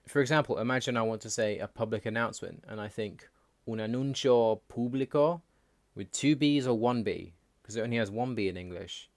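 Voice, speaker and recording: A man hosting a language channel, reading a scripted explainer in a plain, measured way. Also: medium pitch, dry recording, clean studio sound. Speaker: language learning channel host.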